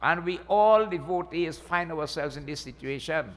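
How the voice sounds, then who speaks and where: A man's voice: on the high side, moderate pace, fairly bright tone. A man, a pundit, gives a folksy Hindu sermon and keeps checking in with listeners by asking "eh?". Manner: folksy, asks the crowd "eh?" often. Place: Hindu temple hall. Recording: long temple hall reverb.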